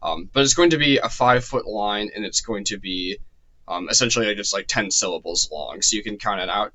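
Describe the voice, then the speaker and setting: A man's voice: lowish voice, a little fast, background noise. A man teaching a literature course in a loose, digressive lecture, with many ums and restarts, his voice a little strained. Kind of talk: unscripted lecture.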